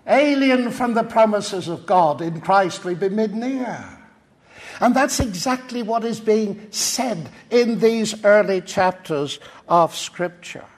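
An older man from Ireland preaching a sermon, explaining scripture and telling stories with quoted dialogue. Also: sits high.

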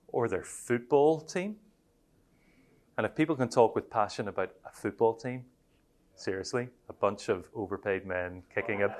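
An Irish man leads a Christian training workshop in a relaxed, conversational way. His voice sits at a middle pitch. He chuckles often and slips into little acted-out example lines. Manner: acts out example phrasings. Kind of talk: teaching a workshop.

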